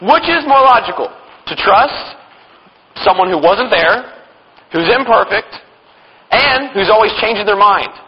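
High-voiced joking man teaching in church. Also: lively intonation, measured pace, pauses often. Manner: joking, with sarcastic asides and chuckles. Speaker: speaker teaching at a church conference. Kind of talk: humorous Bible teaching talk. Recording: dull, lo-fi hall recording with long reverb.

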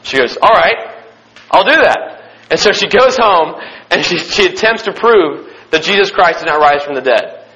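A young man preaching a sermon, reading scripture and stressing key points with excitement and repetition. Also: fairly high pitch, moderate pace, highs cut off. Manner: emphatic and excited, repeating key phrases; frequent restarts and fillers.

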